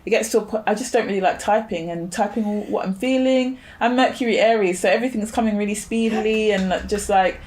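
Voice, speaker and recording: A woman's voice: medium pitch, fast, hardly any pauses, a little mellow. A woman as a podcast guest in casual chat, reflective, thinking aloud with fillers and rhetorical questions.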